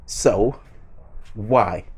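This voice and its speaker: A man's voice: on the low side, very slow, husky. A man hosting a video, talking in a rambling way with frequent fillers and false starts. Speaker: video host. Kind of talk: casual commentary.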